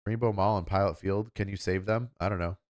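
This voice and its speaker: A man's voice: low voice, fairly even intonation, a little fast, a little mellow. A man hosting a livestream, chatting casually in a rambling, offhand way. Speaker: livestream host.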